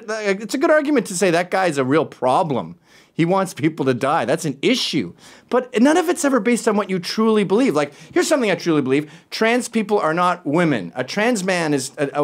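A man hosting opinion commentary, ranting in an animated, sarcastic way. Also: high-pitched. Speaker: host.

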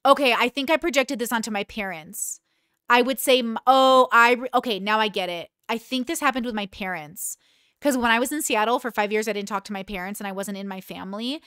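A woman's voice: fairly high pitch, fairly quick, fairly bright tone, clean tone, dry recording, studio quality. A woman in her thirties hosting a reaction commentary, talking candidly and emotionally with many restarts. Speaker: commentary host.

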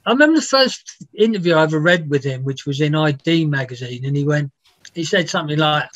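A man's voice: on the high side, animated, a little fast, fairly bright tone, dry recording. A man, a music biographer, telling rambling, laughing anecdotes with some swearing in a casual interview. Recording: dull, dry lo-fi sound.

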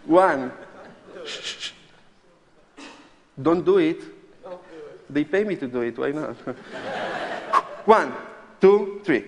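Mentalist guy on stage, kinda high voice, joking and nervous, big hall echo, some noise. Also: lively intonation, takes it slowly, long pauses. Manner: joking, nervous, non-native phrasing. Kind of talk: live stage performance with audience volunteers. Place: large theatre stage before a live audience. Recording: live stage sound with long hall reverb and audible noise.

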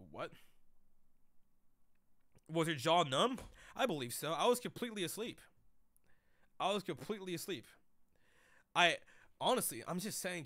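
A man's voice: on the high side, dry recording, studio quality. A young man streaming, telling stories to his chat in a casual, profane, joking way. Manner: profane, joking, animated storytelling.

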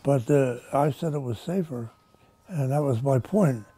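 A man's voice: medium pitch, measured pace, dark tone. A man in his nineties, a war veteran giving an oral-history interview in a folksy, rambling storytelling manner. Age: 90s.

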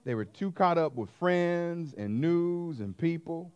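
A man preaching a sermon as pastor, emphatic, swinging between hushed asides and loud stressed words. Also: fairly high pitch, expressive, slow, clear, resonant tone, dull audio.

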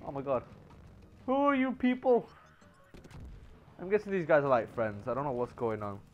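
A man giving excitable live commentary on his game stream, yelling and laughing as he teases other players. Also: fairly high pitch, moderate pace, lo-fi sound.

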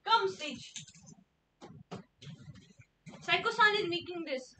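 High-voiced giggly woman streamer. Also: lively intonation, slow, bright, forceful tone. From India. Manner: playful, giggly, repeats words. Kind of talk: casual livestream chat.

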